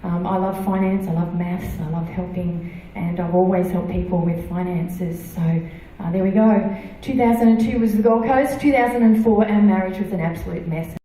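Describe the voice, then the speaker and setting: A middle-aged woman giving a personal testimony in church, halting, with many fillers and restarts. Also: fairly low pitch, mellow. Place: church hall. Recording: echoey hall, voice from far off.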